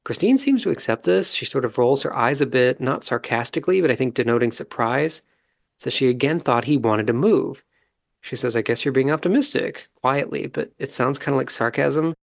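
Man, podcast host, calm and measured, casual commentary, gravelly, medium pitch. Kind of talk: casual commentary recapping a reality show.

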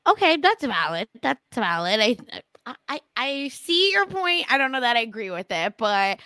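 A woman co-hosting a podcast in casual chat, lively and quick to act out what others say. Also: on the high side, no echo. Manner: lively, acts out quotes from others. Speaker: podcast co-host.

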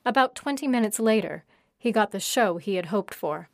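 Woman narrating her own story, steady even read, dry close sound. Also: mid-range voice, moderate pace, creaky, no room sound. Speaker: author reading her story. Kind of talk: audiobook narration.

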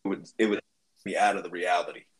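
A low-pitched man speaks slowly and with care. His tone stays calm and low-key, and his words come out measured. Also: low-quality recording. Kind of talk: casual podcast chat.

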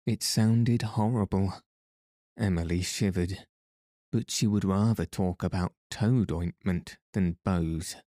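A man calmly narrating a bedtime story for a sleep podcast, reading in an unhurried way into a close mic. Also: low-pitched, dry recording.

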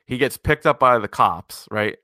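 A man's voice: medium pitch, animated, normal speed, bright, forceful tone, dry recording, studio quality. A man casually recapping a horror movie with a co-host, laid-back, swearing and laughing often. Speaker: podcast co-host.

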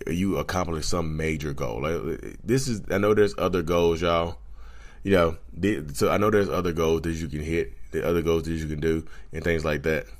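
A man rambling casually into a handheld microphone in a vlog, blunt, profane and repeating himself, calling his viewers y'all. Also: a bass voice. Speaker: YouTuber talking about narcissism. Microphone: handheld USB microphone.

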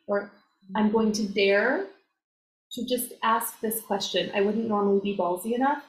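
A woman success coach talking in a casual, animated way, full of fillers and acted-out quotes. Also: mid-range voice, moderate pace. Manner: animated, filler-heavy, acts out quoted voices. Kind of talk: casual conversational interview. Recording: roomy echo, faint noise.

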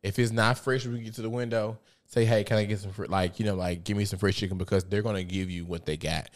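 A man with a fairly low voice hosts a casual podcast and tells a family story. His delivery is animated and profane, and loud laughs break through. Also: fast talker. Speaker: podcast host.

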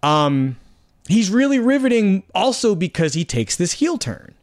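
A man's voice: high-pitched, very animated, a little slow. A man, a film critic, talking casually on a podcast, often searching for words and restarting his sentences.

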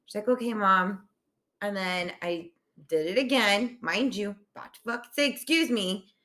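A woman's voice: mid-range voice, normal speed, sharp tone. A woman co-hosting a casual podcast chat about parenting, talking bluntly and swearing freely. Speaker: podcast co-host, mother.

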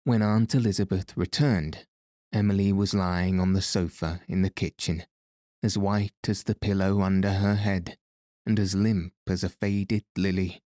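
Slow, low-voiced male storybook narrator. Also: dry recording, clean studio sound. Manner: calm, measured storytelling. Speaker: audiobook narrator. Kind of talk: scripted narration of a novel.

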